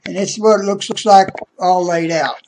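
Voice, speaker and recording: A man talking casually into a webcam about a package, hesitant, with many pauses and restarts. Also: high voice, fairly even intonation, darkish tone, slight background noise. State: out of breath. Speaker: vlogger. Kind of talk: casual unboxing vlog.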